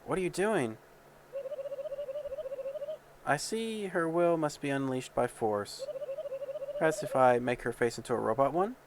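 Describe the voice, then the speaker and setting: A man's voice: medium pitch, expressive, a little slow, pauses often, very noisy. Man voicing a smug robotic queen villain. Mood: scheming. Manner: smug, grand and scheming. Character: haughty robotic female computer queen villain. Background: game music.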